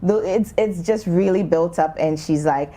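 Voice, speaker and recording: A woman's voice: fairly low pitch, moderate pace, warm tone. A woman co-host from Ghana on a casual panel talk show, talking emphatically and slipping into mock-preachy, acted-out lines.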